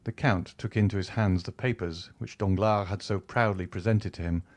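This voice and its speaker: A man narrating a classic novel as an audiobook, in a measured, expressive reading. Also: deep voice.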